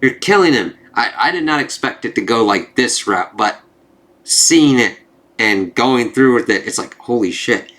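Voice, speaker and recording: A man's voice: mid-range voice, expressive, a little slow, fairly bright tone. A young man talking casually in a rambling video review, swearing freely and filling gaps with "like". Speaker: comic book reviewer.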